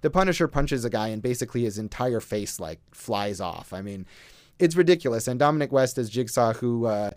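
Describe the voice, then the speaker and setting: A man's voice: mid-range voice, animated, brisk, darkish tone, no room sound. A man casually reviewing films as co-host, wry and rambling with many fillers. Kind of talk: casual movie review chat.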